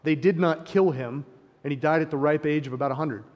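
A man preaching a sermon, impassioned, swinging between hushed reflection and emphatic points, with sarcastic asides. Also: fairly high pitch, fairly quick, lo-fi sound. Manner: sarcastic paraphrasing of opponents. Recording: long hall reverb.

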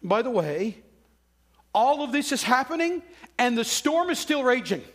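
Male preacher, high-pitched, chatty sermon delivery with acted-out quotes. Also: big pitch swings, a little slow. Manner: conversational preaching with dramatic quoted voices. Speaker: pastor.

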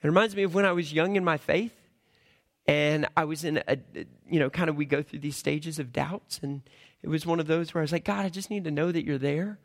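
A man in his thirties preaching a sermon, telling humorous stories and swinging between loud bursts and hushed moments. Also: a little high, a little fast. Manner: animated storytelling with humor.

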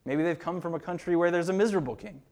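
A man's voice: a little high, fast, vocal fry, a little mellow. A male pastor preaching a sermon in an earnest, emphatic way, often repeating words as he builds a point.

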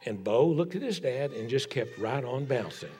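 An older man preaching a sermon in a large church. He tells family stories in a folksy way and drops to a hush for emphasis. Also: medium pitch, big pitch swings, normal speed. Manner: folksy storytelling, dropping to a hushed tone for emphasis. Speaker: pastor. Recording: long reverb of a large hall.

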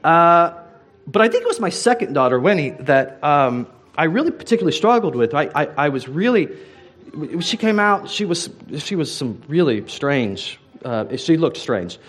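A male pastor in his thirties delivers a sermon in a loose, talky way, often speaking straight to his listeners. His voice sits a bit high for a man and moves all over the place, swinging up and down with lots of life. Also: moderate pace. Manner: animated, conversational preaching with asides to the congregation.

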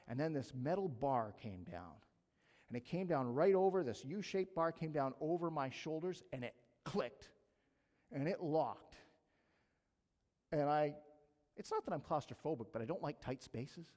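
A male pastor delivering a sermon in a church, mixing a lively personal anecdote with scripture. His voice sits a little high for a man and rings with long hall reverb. He acts out moments of the story with rising excitement. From Canada. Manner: animated storytelling, acts out his own panic.

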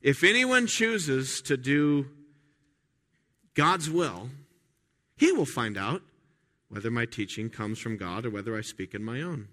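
A man pastor preaching a sermon in a conversational way, full of restarts and rhetorical questions, swinging from quiet asides to loud emphatic lines. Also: medium pitch, expressive, unhurried, long pauses.

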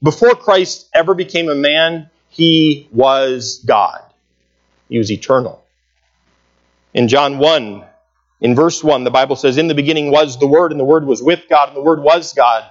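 A man delivers a sermon in an earnest, emphatic way, often repeating a phrase for weight as he reads scripture aloud. His voice sits on the higher side for a man. The recording is dull and lo-fi, with the top end rolled off. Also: normal speed. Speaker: preacher.

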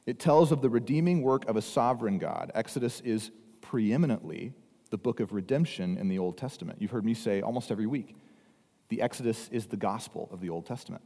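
Male pastor, conversational sermon, mellow tone, long hall reverb. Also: on the low side, lively intonation, fairly quick, vocal fry. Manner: conversational, acts out voices of the crowd.

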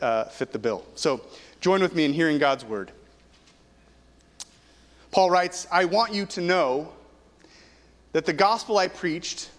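High-voiced man preaching in a big hall. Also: a bit bright. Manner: earnest, conversational preaching with pauses and restarts. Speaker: pastor. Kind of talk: sermon. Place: church sanctuary. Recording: long hall reverb.

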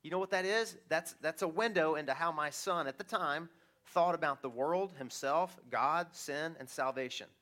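Bright-voiced animated male preacher. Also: a little high, moderate pace. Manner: animated preaching, acts out quoted voices, chuckles often. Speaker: pastor. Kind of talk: sermon.

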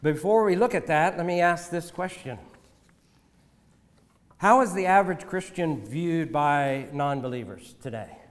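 A man preaching a sermon as pastor, measured and deliberate, often asking rhetorical questions. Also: on the high side, big-room sound.

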